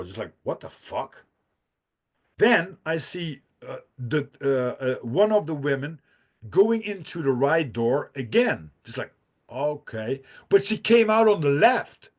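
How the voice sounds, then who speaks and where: Man telling a rambling story. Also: a little high. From Netherlands. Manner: profane, laughing, rambling with restarts. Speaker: podcast guest. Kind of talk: casual storytelling.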